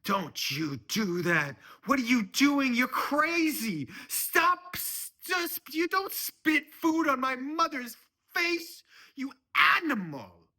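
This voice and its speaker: A man's voice: extremely high pitch, big pitch swings, slow, pitched above the performer's own voice, full character voice. A man voicing a furious wife, screaming in a comic dramatic reading. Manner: screaming, hysterical yelling. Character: shrieking furious young wife.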